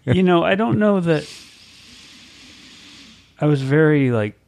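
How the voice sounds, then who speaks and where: A man hosting a podcast, talking in a rambling, halting way full of fillers and restarts. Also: a little high, animated, vocal fry, darkish tone. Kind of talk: casual podcast chat.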